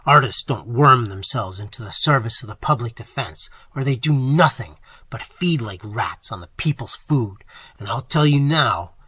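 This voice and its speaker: Here is a furious young artist, as a male narrator puts him on, scolding and threatening at full volume. His voice swings widely in pitch and has a bright, forceful edge. The reading has a husky grain. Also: expressive, moderate pace, no room sound. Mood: angry. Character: angry young male artist, fierce and scornful.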